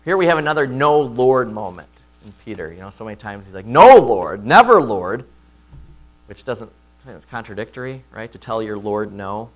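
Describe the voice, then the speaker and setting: A man preaching an expository sermon, often checking in with listeners with "right?" and loudly voicing quoted lines. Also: lowish voice, fairly quick. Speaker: pastor.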